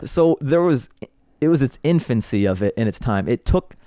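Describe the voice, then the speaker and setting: A man's voice: medium pitch, normal speed, smooth, no echo, clean studio sound. A man who is a comedian guest, telling stories in casual podcast chat and laughing often. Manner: animated storyteller, laughs often.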